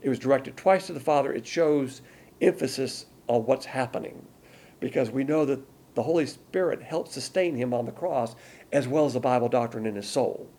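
A man's voice: medium pitch, normal speed, mellow. An older man teaching a Bible sermon in a conversational way, asking rhetorical questions and answering them himself.

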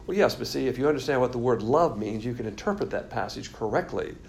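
A man's voice: medium pitch, quick pace, creaky, a little mellow, a little hiss or hum. A man teaching a Bible lesson from diagrams, explaining in a blunt, emphatic way.

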